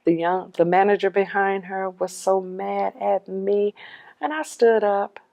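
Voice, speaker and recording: A middle-aged widow giving a personal testimony, telling her story in an animated way and acting out the dialogue. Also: mid-range voice, a little slow, vocal fry.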